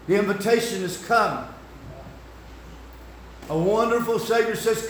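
Older guy preaching, high voice, yells then goes quiet, super echoey room, mic far off. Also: a little slow, pauses often. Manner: swings from shouted to hushed. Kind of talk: sermon.

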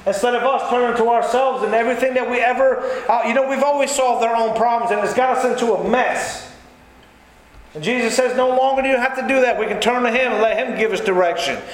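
A man preaching a sermon in a folksy, conversational way with quick asides. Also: very high-pitched. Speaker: pastor. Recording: very echoey church hall, faint room noise.

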